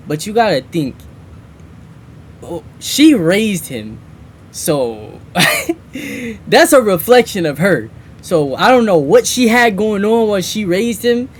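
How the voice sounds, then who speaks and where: A man's voice: sits high, slight background noise. A young man streaming and reacting to a crime video, talking casually in slang, repeating himself and laughing at his own phrasing.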